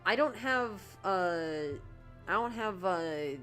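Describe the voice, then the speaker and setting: A woman streamer giving casual, excitable commentary while playing a game, gushing and often restarting her sentences. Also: mid-range voice, takes it slowly, soft background music.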